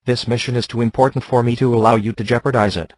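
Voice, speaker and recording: A text-to-speech male voice reading the lines of a calm, polite ship computer in an even, unhurried way. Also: medium pitch, no room sound, close to an everyday voice.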